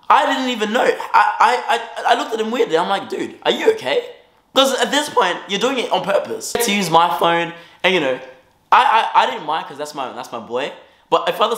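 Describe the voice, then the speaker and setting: A young man telling a casual story-time tale in an animated way, swinging between loud bursts and low asides. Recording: roomy echo.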